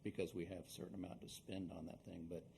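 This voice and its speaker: Deep-voiced man chairing a meeting. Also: little pitch movement, vocal fry. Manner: halting, repeats words. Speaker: board president. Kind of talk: meeting discussion. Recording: noisy room recording.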